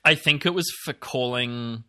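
Aussie guy cohosting a pod, rambly, lots of ums, swears a bit, super bright voice. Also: mid-range voice, unhurried. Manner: rambling, sweary, with many fillers. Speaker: podcast co-host. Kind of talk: casual chat.

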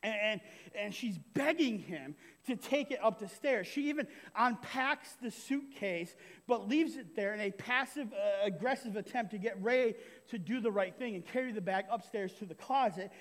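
High-voiced man preaching in a reverberant hall. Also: normal speed, few pauses. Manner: animated, conversational preaching with frequent "right?" asides. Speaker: pastor. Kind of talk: sermon. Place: church hall.

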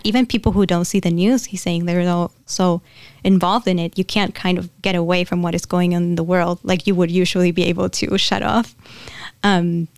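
A woman's voice: fairly low pitch, steady tone, fairly quick, no echo. Giggly chatty woman in a dry recording. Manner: chatty, giggly, rambling with many fillers. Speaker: spiritual medium. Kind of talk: casual channeling session.

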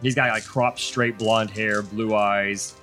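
A man's voice: fairly low pitch, steady tone, takes it slowly, fairly bright tone, soft background music. A man narrating as game master in a tabletop game, rambling with many fillers and restarts.

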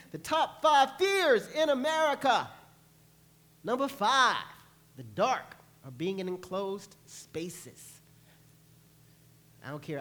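A male pastor preaching a sermon, telling lively stories and acting out panicked voices. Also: high-pitched. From New York. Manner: animated storytelling, acts out panicked voices. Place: church.

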